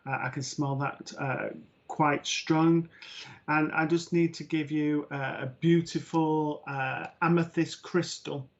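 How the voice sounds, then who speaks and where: A man giving a psychic reading on a live stream, slow and halting with many pauses and fillers, gentle and soothing. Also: a little high, steady tone, creaky. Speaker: medium. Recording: dull lo-fi stream audio.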